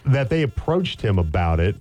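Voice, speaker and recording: A man's voice: fairly low pitch, big pitch swings, moderate pace, darkish tone, faint music behind. A man with an American accent co-hosting a morning radio show, telling stories in a joking, rambling way with lots of restarts. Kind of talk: casual chat.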